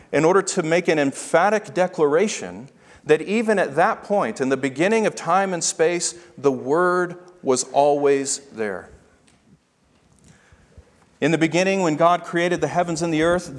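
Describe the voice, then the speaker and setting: Emphatic preacher in a reverberant hall. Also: male voice, fairly high pitch. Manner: emphatic preaching, slowing down to stress key phrases. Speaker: pastor. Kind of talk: sermon.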